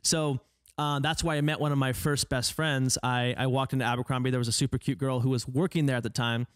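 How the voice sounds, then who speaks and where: A man from Oregon, a podcast guest, telling stories in a casual chat, animated and full of fillers, acting out what people said. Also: mid-range voice, a little fast, no room sound, studio quality. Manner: animated, many fillers, acts out quoted dialogue.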